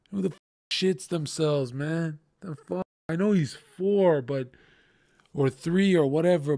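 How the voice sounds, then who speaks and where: A man's voice: on the high side, darkish tone, no echo, clean studio sound. A young man ranting on a livestream, crude and profane, with heavy emphasis. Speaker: streamer.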